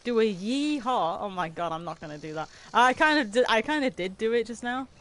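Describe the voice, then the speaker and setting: A woman's voice: fairly high pitch, very animated, quick pace, sharp tone. A woman streaming a game from her room, chatting and giggling with her viewers. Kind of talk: casual livestream chat while playing. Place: her own room at home.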